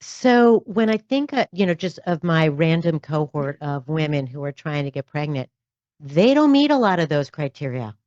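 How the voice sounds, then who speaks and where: A woman's voice: sits low, sing-song, moderate pace, darkish tone, dry recording, dull audio. A woman podcast host and doctor in conversational interview, thoughtful and peppered with "you know" asides.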